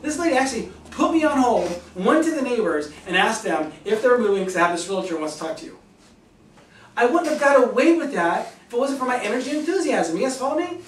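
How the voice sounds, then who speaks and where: Fast excited guy pitching sales tips to a room, sounds far from the mic, echoey. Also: slight background noise. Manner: enthusiastic, animated, acts out both sides of calls. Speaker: real estate agent giving a sales talk. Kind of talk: energetic seminar talk with acted phone calls. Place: meeting room in front of an audience.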